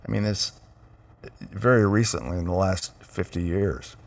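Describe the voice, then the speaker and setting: A man's voice: deep voice, a little slow, creaky. A middle-aged father co-hosting a casual chat at home, rambling with lots of restarts. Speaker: father and podcast co-host. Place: home room with air conditioner.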